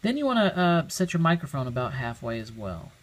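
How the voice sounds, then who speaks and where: Fairly quick, with a medium pitch and big swings in it, a man demonstrates a product in a casual how-to. He thinks aloud and explains each step plainly over a very noisy home recording.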